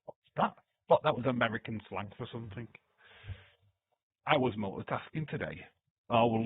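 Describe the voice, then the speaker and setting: A livestream host runs a live watch-along, reading chat comments aloud and frequently joking, teasing, and laughing. His voice is fairly low and slightly rough, and the recording is dry with no echo and a phone-like lo-fi quality.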